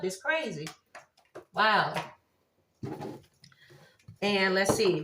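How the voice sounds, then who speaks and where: Against a noisy background, a woman with a medium-pitched voice gives viewers a casual tarot reading. She's excitable, exclaiming at each card as she turns it and laughing often.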